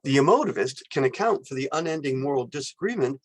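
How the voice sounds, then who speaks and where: A man's voice: mid-range voice, expressive, fast. A man lecturing on philosophy, explaining ideas step by step and acting out example phrases with exclamations. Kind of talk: recorded university lecture.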